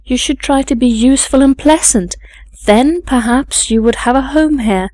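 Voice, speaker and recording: A woman's voice: sits high, moderate pace, a little mellow, no room sound, pitched above the performer's own voice, lightly acted. A woman voicing a stern but kindly nursemaid who scolds firmly. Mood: scolding. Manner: firm, scolding and admonishing.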